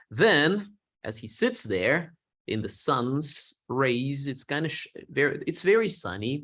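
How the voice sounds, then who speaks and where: A man teaching a Bible story lesson, explaining words simply and slowing down for learners. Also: a little high, a bit bright. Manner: acts out quoted lines with feeling.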